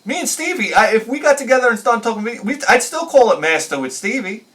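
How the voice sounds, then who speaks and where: A man hosting a retro game video, telling rambling stories in an animated, profane way and laughing at his own jokes. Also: extremely high pitch, brisk, recorded from a distance. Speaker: retro game channel host. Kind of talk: rambling storytelling review.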